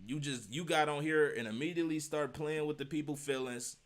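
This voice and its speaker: A man's voice: a little high, fairly quick. A man giving casual reaction commentary, emphatic and slangy, firing off rhetorical questions and repeating his points. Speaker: streamer reacting to a video.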